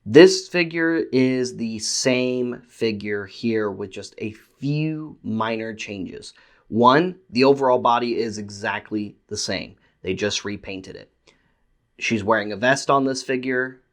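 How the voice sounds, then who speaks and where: A man's voice: mid-range voice, slow. A man reviewing a collectible figure in a casual, stammering way, often repeating words as he rants and then apologizes. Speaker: toy reviewer.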